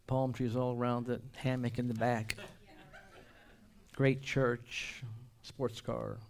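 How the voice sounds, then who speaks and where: A man preaching a sermon at an even, middle pitch. He punctuates his points with humorous asides and calls for the congregation to answer. His delivery swings from loud exclamations to hushed whispers. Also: slow, vocal fry.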